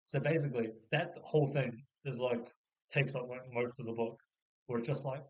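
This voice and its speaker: A man casually summarizing a novel, rambling with many filler words and restarts, sometimes putting on quick voices for the characters. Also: medium pitch, steady tone, poor audio. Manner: slips into short mock voices for the characters. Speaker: book reviewer. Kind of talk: casual spoken book summary.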